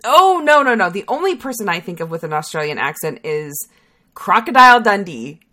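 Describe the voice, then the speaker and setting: Playful bright-toned female podcast co-host. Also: mid-range voice, very animated. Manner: playful, quick to laugh and tease. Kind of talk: casual chat.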